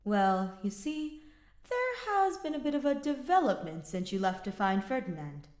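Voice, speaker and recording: A dry, unhurried young scholar, as a woman reader puts him on in a story recording. He explains things calmly and without fuss. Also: mid-range voice, echoey room, close to an everyday voice.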